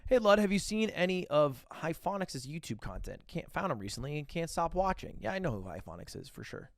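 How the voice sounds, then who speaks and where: A man's voice: fairly high pitch, brisk, vocal fry, dry recording, clean studio sound. A man streaming live, chatting casually and reacting to videos with profane jokes. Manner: animated, profane, joking.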